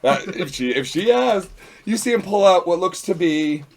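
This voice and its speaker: A man's voice: sits high, animated, normal speed. A man playing a tabletop game, thinking aloud and narrating what his character does. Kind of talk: casual game chat.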